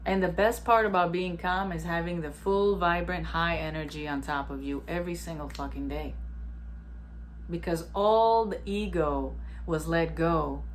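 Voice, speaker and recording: A woman's voice: lowish voice, a little hiss or hum. A woman in her twenties, a vlogger talking straight to camera in a blunt, emphatic way, swearing freely and acting out the people in her stories. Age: 20s. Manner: animated storyteller, acts out others. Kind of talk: casual spiritual monologue.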